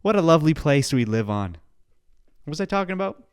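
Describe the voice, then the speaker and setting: A man's voice: on the high side, big pitch swings, a little fast, clean tone, no echo, clean studio sound. Rambling, profane male podcast host. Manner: rambling, profane, pep-talk delivery with sudden loud outbursts. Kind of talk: casual solo podcast chat.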